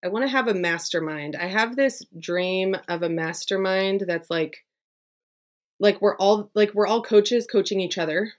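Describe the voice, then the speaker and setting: A woman's voice: medium pitch, unhurried. A woman business coach, a podcast guest, talking casually and eagerly with lots of fillers. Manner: chatty and enthusiastic, many "like" fillers. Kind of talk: casual conversational interview.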